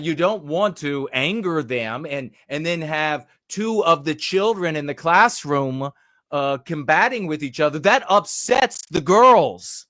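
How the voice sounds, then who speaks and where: A man rants over a news clip, angry and mocking, his talk full of fillers and restarts. His voice sits a little high for a man. The recording is close and dry. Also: lively intonation, a little slow, pushed and bright, dry recording. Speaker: commentator. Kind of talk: ranting commentary on a news clip.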